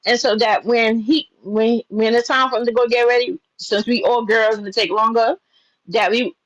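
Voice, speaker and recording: A young woman from New York telling a personal story in a casual, profane, animated way, laughing as she goes. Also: a little high, dry recording, lo-fi sound.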